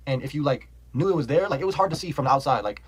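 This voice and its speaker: Talking very fast in a mid-range voice with a breathy edge, a young man rambles through a casual storytime on rough audio. He swears, says "like" constantly, and laughs while telling it animatedly.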